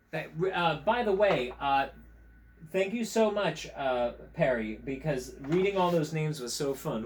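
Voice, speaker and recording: A man reads a picture book aloud for children, with a very lively, sing-song voice that leaps all over the scale. He sounds playful and gently teasing as he chats with his puppets between pages. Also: a little high, fairly quick. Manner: animated, playful, warmly teasing. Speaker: teacher reading picture books. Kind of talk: children's story-time reading and puppet chat.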